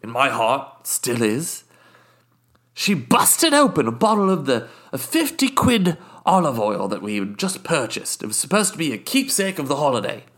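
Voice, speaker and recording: A man's voice: mid-range voice, sing-song, moderate pace, a bit bright. A man voicing a pompous, wealthy British podcast guest with a put-on British accent, talking in a haughty, rambling, condescending way. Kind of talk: improvised comedy character.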